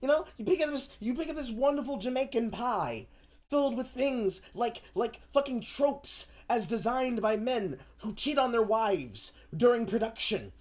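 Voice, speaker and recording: A woman streamer ranting in casual commentary, profane and animated, often slipping into mocking voices. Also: fairly high pitch, normal speed.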